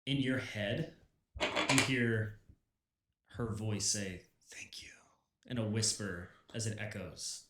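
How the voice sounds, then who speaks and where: A man's voice: fairly low pitch, slow, pauses often, very noisy. A man acting as game master, explaining rules and scenes with frequent restarts. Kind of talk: running a tabletop game. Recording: roomy echo.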